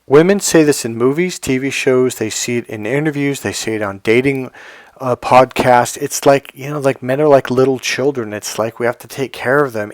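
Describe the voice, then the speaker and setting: A man's voice: medium pitch, no room sound, clean studio sound. A man coaching other men on dating in an emphatic, blunt monologue, swearing freely as he drives his points home. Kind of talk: motivational monologue to camera.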